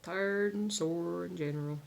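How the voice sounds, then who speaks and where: A woman chatting casually to viewers while she stitches. She sounds tired, talks to herself, and drops into soft muttered asides. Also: lowish voice, a little slow, creaky. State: tired and yawning. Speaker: crafting vlogger.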